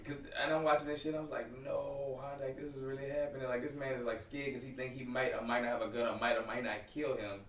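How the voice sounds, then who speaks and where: A man co-hosting a podcast in casual chat, an animated storyteller who acts out the people he quotes. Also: mid-range voice, fast talker, few pauses, roomy sound, recorded from a distance. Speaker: podcast co-host.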